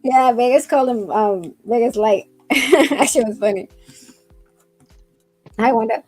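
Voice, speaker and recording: A middle-aged woman from Mexico, chatting casually and fast, loudly and with lots of laughter. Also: a little high, no room sound, soft background music, poor audio. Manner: loud, fast, laughing talker. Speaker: stream host. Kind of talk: casual chat.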